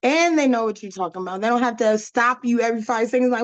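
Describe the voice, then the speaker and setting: A woman talking as a guest in a relaxed conversation, chatty and full of casual fillers. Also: on the high side, fast talker, few pauses, no room sound, lo-fi sound. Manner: chatty, full of "like" and "you know".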